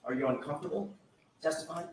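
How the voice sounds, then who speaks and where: A male attorney questioning a witness in court, asking measured, methodical questions. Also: on the high side, darkish tone, roomy sound, slight background noise, rough recording. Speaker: trial attorney.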